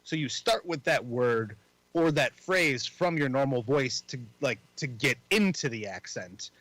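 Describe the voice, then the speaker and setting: A man's voice: mid-range voice, expressive, unhurried, fairly bright tone, dry recording, poor audio. A man co-hosting a podcast in casual chat, rambling with frequent restarts and casual swearing. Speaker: podcast co-host.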